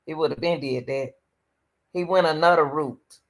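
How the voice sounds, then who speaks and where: A woman's voice: sits low, normal speed. A woman hosting a reaction stream, pleading and preaching as she comments on a video, often calling out to the Lord.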